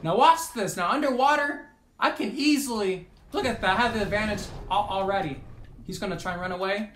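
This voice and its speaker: An excitable gameplay commentator talking casually over a match, swearing freely and shouting at big moments. His mid-pitched voice sits in an echoey room with a faint hiss behind it. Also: brisk. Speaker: gaming commentator.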